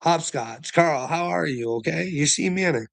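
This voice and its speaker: A man's voice: a little high, normal speed, vocal fry. A man giving a rambling livestream monologue, swearing constantly, laughing often and speaking emphatically.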